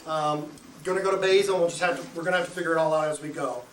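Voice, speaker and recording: Stand-up comic, man, high voice, animated live storytelling, heard at a distance in an echoey room. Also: racing, a little hiss or hum. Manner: animated, chuckles through his own story. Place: live show venue.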